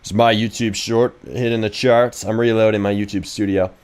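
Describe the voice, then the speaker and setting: A man's voice: fairly low pitch, normal speed, smooth. Brash, profane young man livestreaming. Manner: brash, profane, excitable rambling; reads viewer chat questions aloud and answers. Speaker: game developer streaming live. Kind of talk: casual livestream chat while coding.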